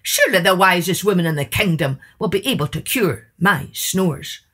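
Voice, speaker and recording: A woman voicing a grumpy, blustering king in a storybook, loud and dismayed. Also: on the low side, expressive, normal speed, music in the background, natural voice. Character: grumpy blustering king, middle-aged man.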